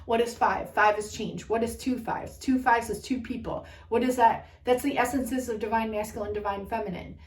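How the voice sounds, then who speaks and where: A woman's voice: fairly high pitch, fairly even intonation, moderate pace, few pauses. A woman giving a spiritual reading in a heated, rambling rant, swearing often. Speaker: spiritual reader. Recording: echoey room, far from mic.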